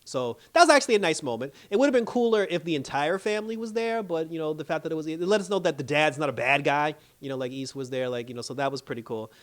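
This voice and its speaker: A man's voice: on the high side, animated, fast talker, few pauses. A man giving a casual, slangy recap of a TV episode as a reviewer, full of "like" and "you know" and laughing often. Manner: loose, chatty retelling full of "like" and "you know". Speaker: TV show reviewer.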